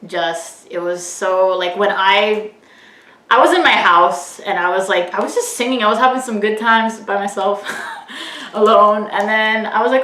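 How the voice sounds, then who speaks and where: A woman's voice: mid-range voice, a bit bright. Woman host talking through tears, lots of likes and ums, roomy echo. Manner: halting, tearful, many fillers. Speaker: reaction video host. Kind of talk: casual emotional chat.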